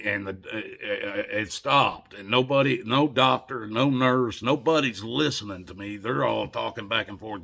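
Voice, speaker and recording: Man, gravelly, husky, bright, rambling story, casual. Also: on the low side, normal speed. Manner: rambling, conversational, with repeated restarts.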